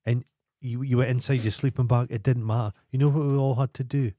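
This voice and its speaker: A man's voice: mid-range voice, steady tone, fairly quick, mellow. A Scottish man co-hosting a podcast, trading blunt, crude banter in casual chat. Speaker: podcast co-host.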